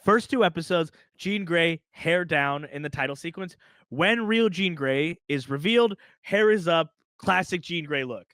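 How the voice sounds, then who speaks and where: A young man co-hosting a casual chat, relaxed and enthusiastic with easy chuckles. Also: on the high side, a little slow, clean tone, no echo. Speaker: podcast co-host.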